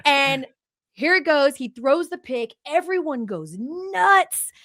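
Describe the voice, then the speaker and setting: A woman's voice: high voice, slow pace, no room sound, studio quality. A woman sports anchor, a guest on a podcast, chatting casually and acting out the quotes in her stories. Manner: lively storyteller, acts out quotes. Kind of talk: casual interview chat.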